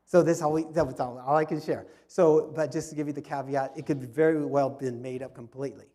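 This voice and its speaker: Mellow-voiced man telling history story. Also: mid-range voice, steady tone, a little fast. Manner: storytelling with frequent restarts and repetitions. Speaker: history club speaker. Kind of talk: informal history talk. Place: fellowship hall.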